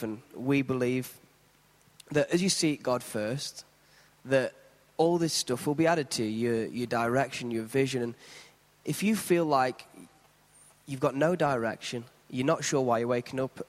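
Church host with a steady, encouraging delivery, recorded in a reverberant hall. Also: male voice, mid-range voice, normal speed. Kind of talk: church service hosting and closing prayer.

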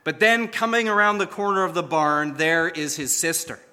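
A male pastor delivers a sermon, speaking earnestly and stressing his key points. His voice sits a bit high and sounds bright and forceful. The sound carries the long reverb of a large hall. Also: moderate pace. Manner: earnest, emphatic storytelling.

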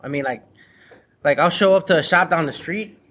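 A man's voice: fairly high pitch, brisk, fairly bright tone, breathy edge. A man who runs a mobile mechanic business, talking bluntly in a casual chat and acting out conversations with customers. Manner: blunt, slangy, acts out conversations. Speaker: mobile mechanic and former shop owner.

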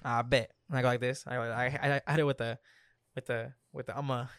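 Fast-talking young man spinning a story. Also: mid-range voice, no room sound, studio quality. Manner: animated storyteller, acts out quotes with slang. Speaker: storyteller in a hypothetical scenario game. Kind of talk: casual banter between friends.

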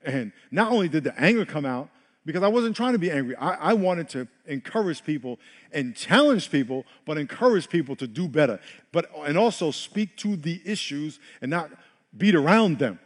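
A man's voice: on the high side, very animated, moderate pace. A man preaching a sermon as pastor, emphatic and repeating words for stress. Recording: long hall reverb.

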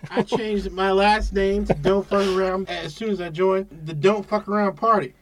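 A man's voice: sits high, fairly even intonation, moderate pace, slight background noise, pitched below the performer's own voice. A man voicing a blunt, crude male presidential candidate in an improv comedy bit.

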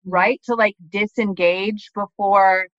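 A woman in her thirties hosting a casual chat over a video call from a bedroom at home, telling stories in an animated, expressive way. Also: mid-range voice, slow, dry recording. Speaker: podcast host. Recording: slightly muffled video-call audio.

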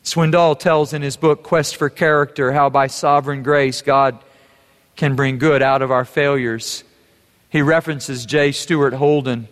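Fervent preaching man in a reverberant hall. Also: mid-range voice. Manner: earnest preaching, rising to fervent emphasis. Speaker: pastor. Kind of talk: sermon.

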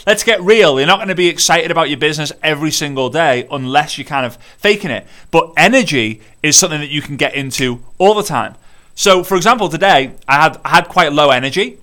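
A man from the United Kingdom giving an energetic, repetitive motivational talk to business builders, addressing listeners directly. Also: on the high side, a little fast. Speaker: network marketing business coach. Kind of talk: motivational monologue.

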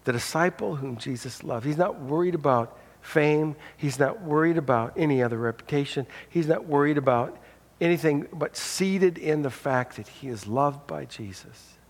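A man's voice: a little high, normal speed. Male pastor, sermon delivery, earnest, repeats openers, long church-hall reverb. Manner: earnest, repeats words when starting phrases.

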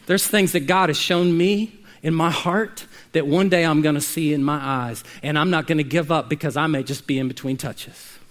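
A male preacher delivering a sermon, telling stories with dynamic swings from quiet to shouting. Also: on the high side, normal speed, hardly any pauses. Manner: dynamic storytelling, rising to shouts at climaxes.

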